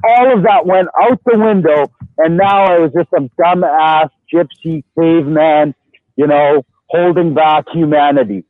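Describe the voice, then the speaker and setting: A man's voice: on the high side, unhurried, no echo. A man telling stories in a casual podcast chat, animatedly acting out the voices of the people he quotes. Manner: animated storyteller, acts out quoted dialogue. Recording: tinny phone-like line.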